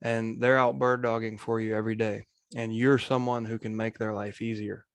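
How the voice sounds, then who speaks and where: A man speaking as a guest coach on a video call, in steady, matter-of-fact coaching talk. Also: lowish voice, normal speed. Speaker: guest real estate coach.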